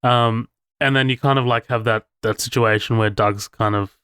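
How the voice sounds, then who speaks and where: Laughing, swearing man with a smooth voice. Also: mid-range voice, steady tone, moderate pace, a bit bright, dry recording, studio quality. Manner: swears freely, laughs a lot, rambling. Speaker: podcast co-host. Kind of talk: casual movie discussion.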